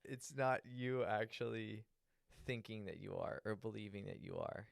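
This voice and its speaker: Smooth gravelly co-host, supportive. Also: medium pitch, normal speed, no room sound, studio quality. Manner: supportive, brief affirmations. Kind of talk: casual chat.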